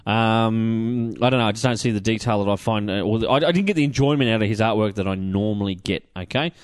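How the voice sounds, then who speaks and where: A man's voice: fairly low pitch, quick pace, clear, resonant tone, no room sound, clean studio sound. A man with an Australian accent talking through a comic review in casual chat, blunt and rambling, swearing freely and filling gaps with ums. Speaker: comic book podcast host.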